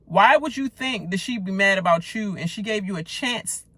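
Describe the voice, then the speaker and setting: A woman's voice: mid-range voice, expressive, moderate pace, bright, forceful tone, no room sound. A woman giving a casual, outspoken reaction rant about a reality show, talking loosely with slang and lots of fillers. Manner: blunt, outspoken, heated ranting.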